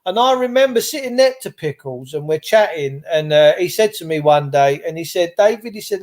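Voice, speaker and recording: High-voiced man telling stories. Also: lively intonation, normal speed, few pauses, darkish tone. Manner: rambling storyteller, swears casually. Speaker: host. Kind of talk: casual chat.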